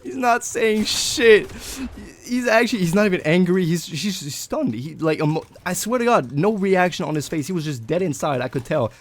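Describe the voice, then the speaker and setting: A young adult man telling a personal story in a casual vlog, animated and swearing. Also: high voice, moderate pace. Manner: animated, swearing, breaks into laughter. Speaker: vlogger.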